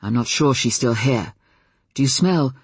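A jittery young male werewolf who speaks in a rush, as a woman narrator puts him on. Her voice drops lower and turns a little husky for him. The sound is close and dry, as in an audiobook. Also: expressive, no echo, heavily acted. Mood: urgent. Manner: hurried, tense.

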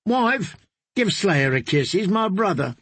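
A man's voice: high voice, sing-song, unhurried, a bit bright, no echo, voice pushed up, full character voice. A man doing a drunken swaggering young singer. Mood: tipsy boastful. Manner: teasing, swaggering. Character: drunken young male singer, boastful and merry.

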